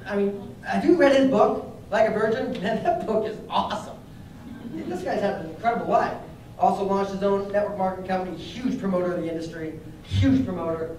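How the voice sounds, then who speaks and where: A young adult man giving a lively motivational training talk to a live group, telling stories and putting questions to the audience. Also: high voice, brisk, slight background noise. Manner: energetic, storytelling, asks the audience questions. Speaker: network marketing trainer. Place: training room before an audience. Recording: very echoey room, mic at a distance.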